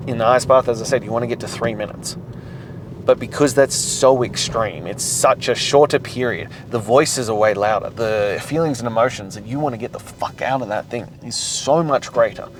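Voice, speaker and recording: A man's voice: mid-range voice, moderate pace, noisy background. Intense, swearing motivational man. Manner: intense, profane, emphatic. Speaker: podcast host. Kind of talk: motivational monologue.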